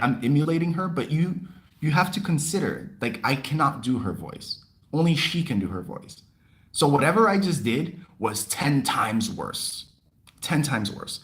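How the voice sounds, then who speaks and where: A young man hosting a livestream, chatting casually and telling a story in an animated, expressive way. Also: mid-range voice. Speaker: livestream host. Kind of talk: casual chat.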